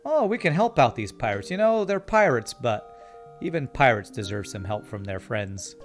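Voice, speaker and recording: A man's voice: mid-range voice, very animated, moderate pace, soft background music. A man from Canada streaming a video game, reading chat and playing up an overly polite, apologetic manner. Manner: mock-polite, cheery and apologetic.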